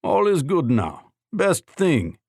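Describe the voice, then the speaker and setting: A man voicing a friendly Russian man who speaks in slow, broken, simple phrases with a Russian accent. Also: fairly high pitch, huge pitch swings, a little mellow, husky, dry recording, clean studio sound, pitched above the performer's own voice, exaggerated voice. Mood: cheerful.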